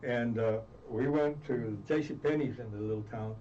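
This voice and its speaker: A man's voice: medium pitch, warm tone. Male interview guest, earnest storyteller who restarts often; distant, muffled mic with faint hiss. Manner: earnest, halting with many restarts. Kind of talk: reflective storytelling.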